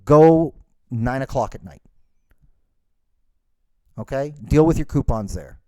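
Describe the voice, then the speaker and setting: A man's voice: medium pitch, animated, slow, a little mellow, dry recording. A man hosting a podcast, ranting in an exasperated, sarcastic way. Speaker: podcast host. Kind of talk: ranting monologue.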